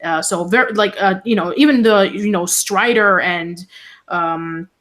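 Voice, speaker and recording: A woman's voice: mid-range voice, measured pace, a bit bright. A woman co-hosting a casual online show, reading news items in a chatty, hesitant way with many fillers. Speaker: co-host. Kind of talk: casual podcast chat.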